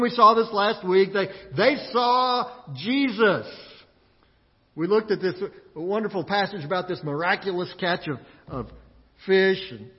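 A man's voice: high voice, long reverb tail, lo-fi sound. A male pastor preaching a sermon in a conversational way, often repeating words as he goes. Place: church sanctuary.

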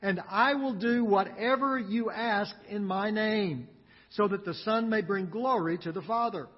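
A man preaching a sermon, earnest and emphatic, with dramatic pauses. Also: high-pitched, husky, long reverb tail, lo-fi sound. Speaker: pastor.

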